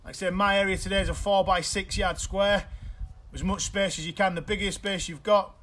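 Upbeat high-voiced coach in an echoey room. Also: male voice, a little fast, a little hiss or hum. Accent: British English. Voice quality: energetic, encouraging instructions. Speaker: children's football coach. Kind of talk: live online coaching session. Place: indoors at home.

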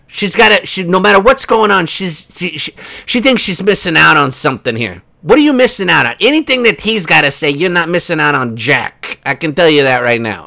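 A man's voice: on the high side, pushed and bright. A man hosting a casual commentary video, rambling and sarcastic, with many fillers. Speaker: host.

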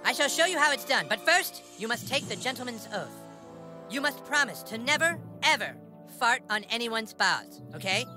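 A man's voice: extremely high pitch, very animated, normal speed, exaggerated voice. An actor playing a crude, bossy young boy acting as a mock-solemn fantasy mentor in a video game. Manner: mock-solemn, foul-mouthed. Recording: game audio with loud music.

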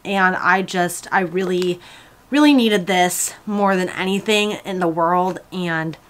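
Tearful young woman vlogging, low voice. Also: takes it slowly. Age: young adult. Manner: chatty, gushing, emotional. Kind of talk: casual vlog chat.

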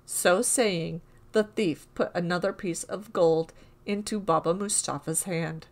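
Female storyteller, calm even read-aloud of a classic tale. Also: on the low side, unhurried. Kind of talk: storybook narration.

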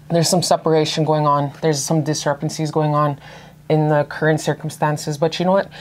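A woman's voice: low voice, darkish tone, a little hiss or hum. A woman giving a casual tarot reading to camera, gushing and effusive, swearing freely. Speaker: tarot reader.

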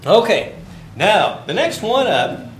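A man's voice: sits high, big pitch swings, takes it slowly. A man giving a university finance lecture, telling jokey stories and quizzing the class. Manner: joking, storytelling, asks the class questions. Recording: echoey classroom with faint hiss.

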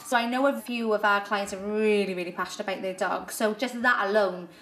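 A woman's voice: medium pitch, steady tone, a little fast, a bit bright, slight background noise. Upbeat businesslike woman in an echoey room. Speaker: dog spa owner. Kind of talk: interview.

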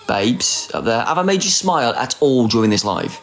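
A man's voice: medium pitch, very animated, moderate pace, gravelly, soft background music. A man in his forties hosting a casual phone livestream, teasing, flirty and sarcastic, and often mocking himself. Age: 40s. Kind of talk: casual live chat.

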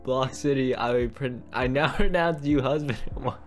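A man voicing a halting wedding priest. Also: medium pitch, soft background music, voice pushed down, natural voice. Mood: formal. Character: grown male priest performing a hasty wedding. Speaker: Minecraft role-player voicing a priest.

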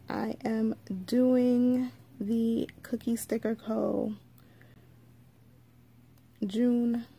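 Woman, livestream host, slightly high voice, slow unhurried delivery, chatty, greets viewers. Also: creaky, mellow. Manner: slow, drawn-out delivery with frequent asides. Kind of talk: casual live unboxing chat.

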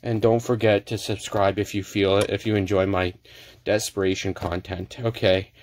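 A man with a lowish voice and flat delivery, speaking at normal speed, hosts a casual card-opening video from his home apartment. His pack-opening banter comes in loud, theatrical, emphatic bursts.

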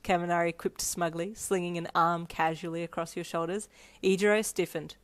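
A woman's voice: lowish voice, fairly even intonation, brisk, no echo. A woman narrating a second-person fan fiction story, reading expressively and voicing every character. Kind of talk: narrated reader-insert story.

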